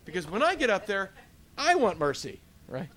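A man preaching a sermon as a pastor at a church service, animated and emphatic, with frequent rhetorical questions. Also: sits high, moderate pace.

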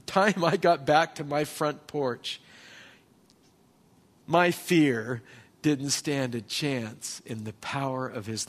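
A man preaching a sermon as a pastor, telling personal stories and asking the congregation questions. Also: medium pitch.

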